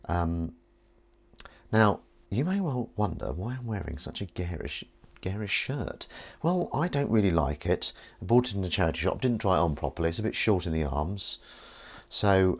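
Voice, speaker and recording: A man hosting a live stream at home, talking in a rambling, playful, self-mocking way. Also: sits low. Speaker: livestream host. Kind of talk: casual live-stream chat.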